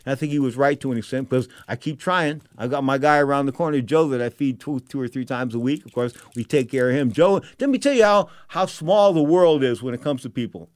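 A middle-aged man from San Francisco hosting a talk radio show, telling stories in an emotional, animated way with repeated phrases. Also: mid-range voice, brisk, few pauses, dry recording, studio quality. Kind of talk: storytelling talk radio monologue.

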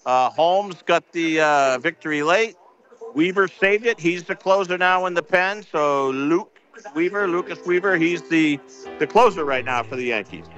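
A man's voice: a little high, animated, normal speed, fairly bright tone, faint music behind. An older man hosting a late-night sports radio show, rambling casually with lots of fillers and repeats. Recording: slightly dull broadcast audio.

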